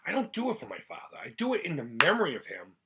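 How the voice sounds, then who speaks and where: In a casual vlog for his retro gaming channel, a middle-aged man from the United States speaks quickly in a husky, slightly bright voice that sits a little high for a man. His pitch swings hugely, and his chatty, heartfelt talk rambles and keeps restarting mid-sentence.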